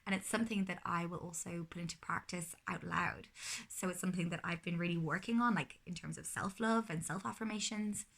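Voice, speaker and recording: Gravelly-voiced mother giving parenting advice. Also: fairly low pitch, steady tone, brisk, fairly bright tone. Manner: earnest, explanatory, with frequent self-corrections. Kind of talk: casual advice vlog.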